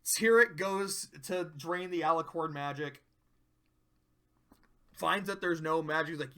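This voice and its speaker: A man's voice: fairly high pitch, measured pace, pauses often, fairly bright tone. A man casually recapping a cartoon episode, rambling, profane, often interrupting himself.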